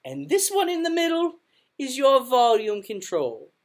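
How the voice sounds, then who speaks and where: A woman voicing a gentle, patient female schoolteacher in a storybook, speaking softly and slowly in a high, coaxing voice. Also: huge pitch swings, full character voice.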